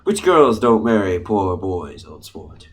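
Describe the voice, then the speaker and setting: A man's voice: mid-range voice, expressive, moderate pace, fairly bright tone, close to an everyday voice. A man voicing a lovesick rich young man with a put-on posh manner in a student comedy play, breezy and smug.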